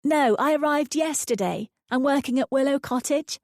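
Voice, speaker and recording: Narrator playing a polite, unsure young woman in an audiobook, lifted voice, slight rasp. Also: high-pitched, normal speed, no room sound, studio quality, voice pushed up. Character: young woman, polite newcomer, a little awkward.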